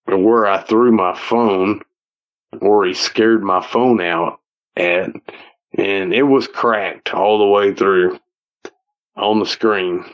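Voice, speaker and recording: A man with an Ozark Southern accent telling a personal story in a rambling, folksy way, repeating himself as he goes, heard over a phone call. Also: on the low side. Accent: Ozark Southern American. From Ozark Mountains, United States. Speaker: guest telling a personal encounter. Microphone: phone call audio.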